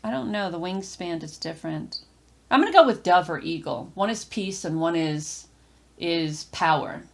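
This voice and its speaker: A woman's voice: lowish voice, animated, normal speed, gravelly. A woman giving a casual tarot reading, talking straight to the viewer with lots of fillers, restarts and repeated phrases. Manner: rambling, repeats herself, many fillers and restarts; addresses the viewer directly and encouragingly. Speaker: tarot reader.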